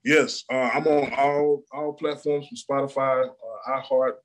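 A man from Illinois, an R&B singer, chatting casually as an interview guest over a video call, relaxed with lots of fillers and laughter. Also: medium pitch, a little slow. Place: room in a cousin's house.

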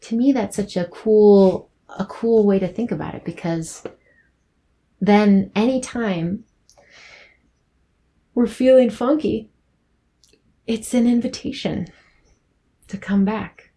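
A woman's voice: medium pitch, takes it slowly, long pauses. A young woman hosting her own podcast, talking in a casual, rambling, giggly way as she reflects on past episodes. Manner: rambling, giggly, soft-spoken. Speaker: podcast host.

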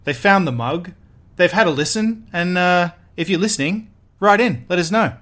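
A man's voice: high-pitched, animated, normal speed, fairly bright tone. An Australian man hosting a podcast in casual chat, laughing easily and often restarting his sentences. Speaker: podcast host.

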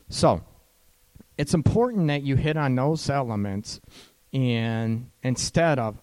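In an animated, darkish mid-range voice at a moderate pace, a man dispenses casual relationship advice. He's conversational, repeatedly asks "right?", and laughs at his own remarks.

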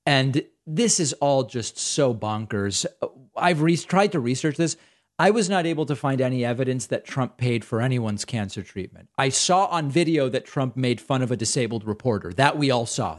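A man's voice: medium pitch, expressive, moderate pace. A man hosting a political talk show, delivering sarcastic, incredulous commentary.

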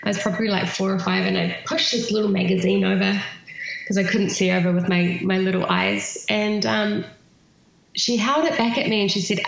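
A woman with a New Zealand accent, a podcast guest chatting at length and filling her pauses with ums. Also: medium pitch, fairly even intonation, vocal fry, very echoey, highs cut off. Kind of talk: casual podcast interview.

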